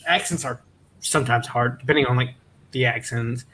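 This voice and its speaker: Bright kinda high guy w a faint southern accent rambling in a casual chat, little bit of background hum. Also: moderate pace, low-quality recording. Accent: Southern American, mostly trained out. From Florida. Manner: rambling, restarts sentences often.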